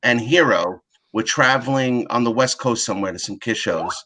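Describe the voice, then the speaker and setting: A man on a video call, telling a long anecdote in a dry, deadpan way. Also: mid-range voice, normal speed, crowd noise. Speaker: guest. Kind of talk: casual chat.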